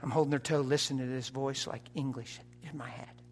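A man preaching an impassioned sermon, dropping to a hush and rising to shouts. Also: mid-range voice, steady tone, fairly quick, slight background noise. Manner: impassioned, swings from hushed to shouting.

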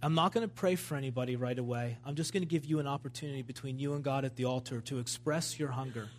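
A man's voice: medium pitch, fast, a little hiss or hum. A man preaching a sermon at a church service, in a fervent, emphatic style that builds in intensity.

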